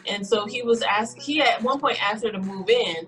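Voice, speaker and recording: A woman's voice: a little high, normal speed, fairly bright tone, soft background music, rough recording. A woman co-hosting a casual podcast, retelling a story in a rambling way and briefly voicing the people she quotes. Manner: rambling, acts out quoted lines in brief voices. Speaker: podcast co-host.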